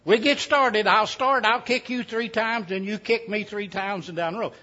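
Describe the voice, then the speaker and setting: A man voicing a scrawny ninety-year-old mountain man, stubborn and sly, talking in a slow folksy drawl. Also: high-pitched, sharp tone, voice pushed up. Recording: dull lo-fi sound.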